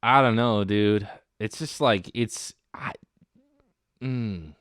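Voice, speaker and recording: A man's voice: lowish voice, slow pace, fairly bright tone, smooth, dry recording, clean studio sound. A man hosting a casual solo comedy podcast, rambling and meandering, with lots of "dude" and "man.". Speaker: podcast host.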